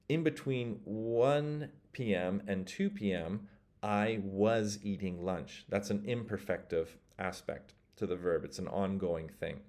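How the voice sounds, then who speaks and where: A man teaching a language lesson, explaining grammar patiently and slowly with frequent fillers like "uh" and "um". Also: fairly low pitch, a little mellow.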